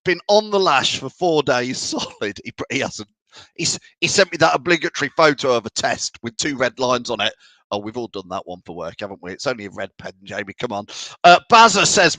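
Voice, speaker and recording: A man's voice: medium pitch, very animated, normal speed, pushed and bright, dry recording. A man hosting a fan show, reading out viewer comments and bantering in a chatty way. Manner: chatty, banter-filled, laughs often. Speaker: fan channel show host.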